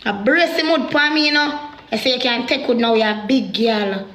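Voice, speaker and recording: In a high, sharp voice, a Jamaican woman pours out a personal story in patois, animated and heated, at a moderate pace. Her words ring around an echoey room, with a little hiss or hum in the recording.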